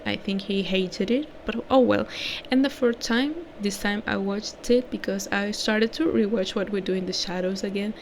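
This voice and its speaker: A woman's voice: medium pitch, vocal fry, a little hiss or hum. A young woman whose first language is Spanish, chatting casually in a rambling vlog outro, correcting herself and sometimes dropping to a whisper. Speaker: vlogger.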